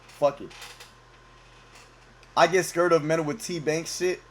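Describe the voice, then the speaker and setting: A man's voice: on the high side, fairly even intonation, slow. A young man streaming from home, reacting to a video with casual, profane, joking slang and talking over it. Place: home at night, keeping voice down.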